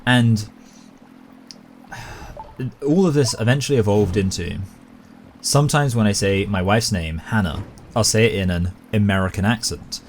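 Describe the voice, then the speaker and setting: A British man with a deep, low voice talks over his own gameplay. He rambles and knows it, piling aside on aside in a relaxed, chatty way. Faint ambient noise sits behind him. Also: normal speed, pauses often. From Britain. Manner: rambling, long-winded and self-aware. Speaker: gaming YouTuber. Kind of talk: casual commentary while gaming.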